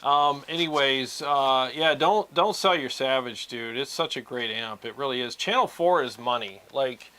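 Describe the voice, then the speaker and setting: A man hosting a guitar gear livestream, chatting in a relaxed and rambling way with many fillers. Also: mid-range voice, normal speed, few pauses. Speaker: guitar gear channel host. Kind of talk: casual livestream chat.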